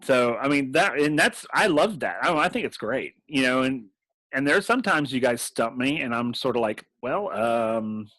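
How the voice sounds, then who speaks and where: A man's voice: mid-range voice, lively intonation, normal speed, a bit bright, no room sound, low-quality recording. A man in casual chat about tabletop games, rambling with restarts and laughing often. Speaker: game master and podcast host.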